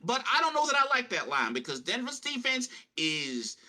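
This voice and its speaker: A man's voice: very high voice, huge pitch swings, normal speed, sharp tone, pitched above the performer's own voice, heavily acted. A man putting on a twangy old prospector. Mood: folksy. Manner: drawling, cartoonish old-timer put-on. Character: grizzled old male gold prospector, folksy. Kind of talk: podcast bit, comic character voice.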